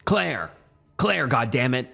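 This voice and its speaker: A man voicing a desperate father who yells and pleads in panic. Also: medium pitch, sing-song, slow pace, vocal fry, breathy edge, faint music behind, exaggerated voice. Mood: anguished. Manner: yelling, pleading.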